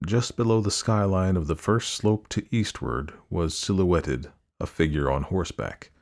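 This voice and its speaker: Very deep-voiced male audiobook narrator. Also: vocal fry, darkish tone. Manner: measured, descriptive reading. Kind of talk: scripted storybook narration.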